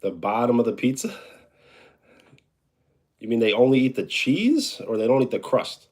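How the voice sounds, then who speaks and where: A man's voice: mid-range voice, big pitch swings, normal speed, a little mellow. A man with a New York accent, casually chatting with viewers on a home live stream and answering their questions with dry humor. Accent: New York (Brooklyn / Long Island). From New York, USA. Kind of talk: casual live-stream chat, reading comments.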